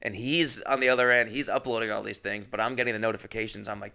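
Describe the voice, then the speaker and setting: A man's voice: mid-range voice, fast, gravelly, hardly any pauses, pushed and bright. A man hosting a podcast who tells a rambling, profane, self-mocking comic story. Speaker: podcast host.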